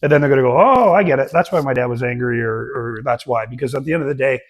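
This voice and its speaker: A middle-aged man on a casual podcast, telling family stories in an animated way, with frequent "uh" and "right?". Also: mid-range voice, very fast. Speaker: podcast co-host. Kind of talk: casual chat, storytelling.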